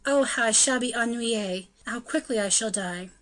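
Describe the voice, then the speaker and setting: Woman doing a timid young lady in a storybook, soft and sweet, kinda hesitant. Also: on the high side, moderate pace, close to an everyday voice, rough recording. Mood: wistful. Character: shy, sighing young noblewoman. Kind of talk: audiobook character reading.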